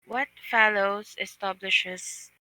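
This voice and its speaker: Slow bright woman reading aloud. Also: mid-range voice, fairly even intonation, low-quality recording. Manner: halting, careful reading with pauses. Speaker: book club reader. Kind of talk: reading aloud in an online book club. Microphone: online voice call.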